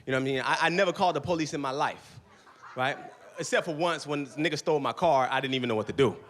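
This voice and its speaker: A middle-aged man doing a stand-up comedy set on a club stage, with loud, animated storytelling and constant swearing. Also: fairly high pitch, fast talker.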